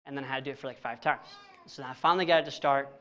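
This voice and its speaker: A young man at a church, casually telling a personal story, animated and self-mocking, acting out both sides of conversations in plain slang. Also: medium pitch, rapid-fire. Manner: animated, self-mocking, laughs at his own frustration.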